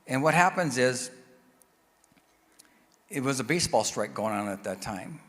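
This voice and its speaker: A man giving a personal testimony sermon as a guest speaker, telling his story in an animated way and acting out the voices of the people he quotes. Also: medium pitch, normal speed, pauses often. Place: church sanctuary. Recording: long church reverb.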